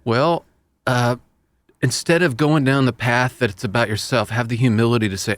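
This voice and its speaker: A man's voice: medium pitch, steady tone, normal speed, no echo. A man hosting a casual talk show, speaking in an earnest, rambling, self-deprecating way. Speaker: radio host. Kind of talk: casual chat.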